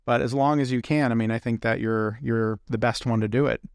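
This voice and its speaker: Man, podcast host, casual, thinking aloud, fillers, average pitch, dry sound. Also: fairly even intonation, brisk, smooth, no echo. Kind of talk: podcast interview.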